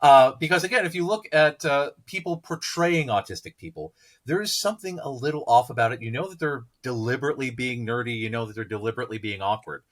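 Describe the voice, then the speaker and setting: A man's voice: medium pitch, fast talker, a bit bright. A man co-hosting a podcast, chatting enthusiastically in long run-on stretches. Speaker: podcast co-host. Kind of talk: casual podcast chat.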